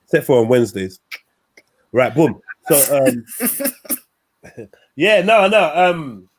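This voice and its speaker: A man's voice: slow, breathy edge, no room sound. A young man hosting a crude, joking chat show, telling stories in a boisterous way. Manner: joking, boisterous storytelling with animated pitch swings. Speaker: show host. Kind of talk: crude casual banter.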